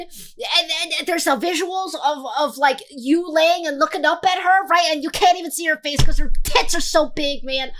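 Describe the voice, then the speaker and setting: A woman livestreamer chats casually in an animated, crude and rambling way. Her voice is high and bright, and she swears freely as she goes.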